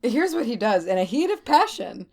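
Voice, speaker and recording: Podcast co-host, woman, high voice, animated storyteller, swears casually. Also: moderate pace, gravelly. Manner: animated, swears freely, laughs often.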